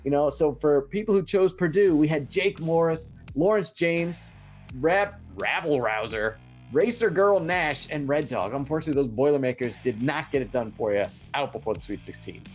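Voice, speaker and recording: A man with a slightly high voice co-hosts a bracket pool recap, joking around in casual sports banter that is animated and full of quick asides. Soft music plays in the background.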